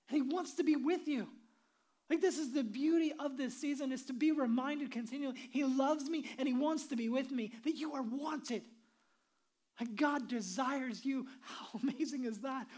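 A woman pastor preaching with earnest conviction and a fairly high voice. She presses hard on key points, then drops to a hush or a near whisper. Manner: earnest, swings between emphatic and hushed, drops to whispers. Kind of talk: sermon.

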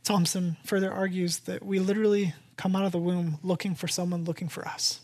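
A pastor preaching a sermon to a congregation in church, animated and emphatic, repeating key phrases and swinging from loud to hushed. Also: medium pitch, a little fast.

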